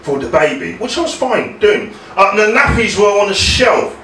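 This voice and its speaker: A young man from England with a South London accent doing a hesitant, deadpan stand-up set, full of ums, and talking back to hecklers. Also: sits high, normal speed, a little hiss or hum. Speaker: stand-up comedian. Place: comedy club. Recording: echoey club from far off. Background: crowd laughter.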